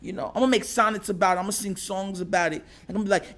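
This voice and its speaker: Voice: mid-range voice, steady tone, very fast, a bit bright. A sports show host ranting casually as a fan, with slangy trash talk and frequent laughter between lines.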